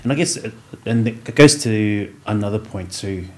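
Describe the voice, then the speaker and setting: A man's voice: on the low side, normal speed. A man who is a former rugby league player, chatting as a podcast guest and telling stories with acted-out dialogue. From Samoan heritage. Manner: storytelling, acts out dialogue, laughs often. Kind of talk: casual interview chat.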